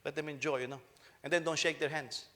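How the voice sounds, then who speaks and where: A man's voice: fairly high pitch, fast talker, background noise. A middle-aged man, preaching a sermon as senior pastor, joking with the congregation and often repeating and restarting his phrases. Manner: animated, joking with the congregation, frequent repetitions and restarts.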